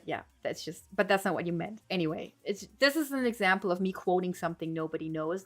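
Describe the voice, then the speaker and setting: A woman, a language-learning streamer, chatting casually on a livestream as she reads and answers viewer comments, laughing often and switching between English and German. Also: mid-range voice.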